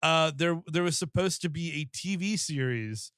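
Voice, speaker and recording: A man co-hosting a podcast, chatting casually with quick asides. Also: on the high side, lively intonation, a bit bright, smooth, no room sound, clean studio sound. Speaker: podcast co-host. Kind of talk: casual chat.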